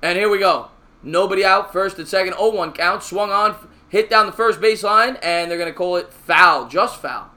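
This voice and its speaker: A man hosting a live stream, giving fan play-by-play of a baseball game. He is chatty and answers viewer comments between pitches, and he gets excited and raises his voice on big plays. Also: moderate pace.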